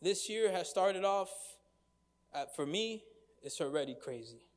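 A man's voice: sits high, lively intonation, measured pace, in a large hall. A man preaching a sermon in a conversational way, asking the congregation questions and reading from scripture. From United States. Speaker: pastor.

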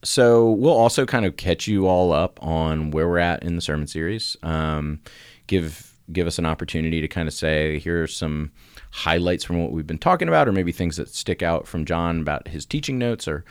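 A middle-aged man co-hosting a casual church podcast, telling stories with frequent laughter and jumping into a high voice when he acts out quotes. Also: moderate pace, clean tone, dry recording, clean studio sound. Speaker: podcast co-host.

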